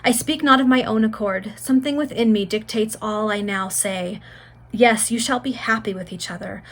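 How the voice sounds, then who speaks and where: A woman reads the part of a frail young maiden on her deathbed, who speaks with earnest, rising fervour, tender and prophetic, in a plain storybook reading voice. Her voice is a little high, fairly quick, creaky, husky and fairly bright, with an exaggerated quality.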